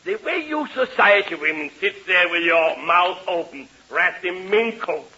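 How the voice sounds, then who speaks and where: An actor with a Danish accent playing a stiff, formal opera singer in a 1940s radio comedy, delivering his jokes deadpan. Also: sits high, unhurried, breathy edge, full character voice. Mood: pompous. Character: pompous foreign opera singer, man. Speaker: guest singer in a sketch. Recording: muffled old radio broadcast.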